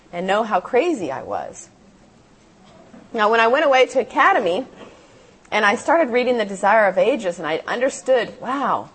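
A woman's voice: a little high, a bit bright, husky. A woman telling her life story to a seated audience in a meeting hall, earnest and heartfelt, acting out the voices in her memories. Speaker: motivational speaker. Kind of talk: testimony talk to a live audience.

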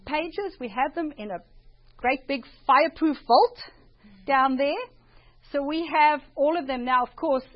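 South african lady giving a casual talk, high voice, kinda muffled audio. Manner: chatty, self-deprecating, prays before speaking. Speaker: speaker at a church presentation. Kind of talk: informal talk to an audience.

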